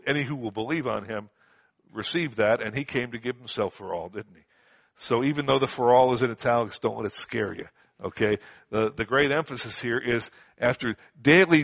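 Male Bible teacher, mid-pitched, conversational, emphatic repetitions, dry close sound. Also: fairly quick, vocal fry, a bit bright, no room sound. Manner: conversational, repeats words for emphasis; frequent fillers and rhetorical questions.

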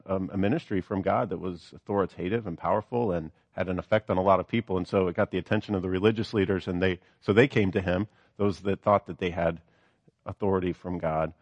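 A man's voice: low voice, a little mellow, no echo. A man preaching a sermon, reading scripture aloud and then explaining it with earnest, rising emphasis.

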